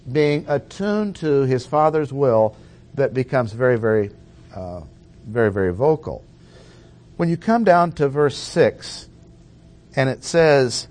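A man preaching a measured expository Bible teaching, stressing and repeating key phrases. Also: mid-range voice.

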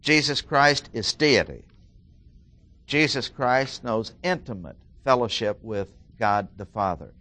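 A middle-aged man teaching through a Bible passage, deliberately repeating key phrases and stressing single words. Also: medium pitch, lively intonation, bright, forceful tone. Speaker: preacher.

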